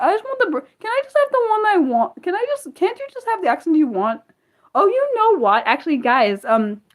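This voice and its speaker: A woman hosting a casual unscripted livestream, rambling excitably with lots of quick questions and restarts. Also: on the high side. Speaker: livestream host.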